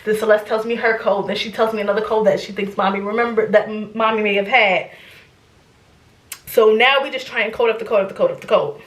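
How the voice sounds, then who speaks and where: A young adult woman vlogger telling a story in casual chat, rambling and animated, swearing freely. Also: mid-range voice, fairly quick, roomy sound.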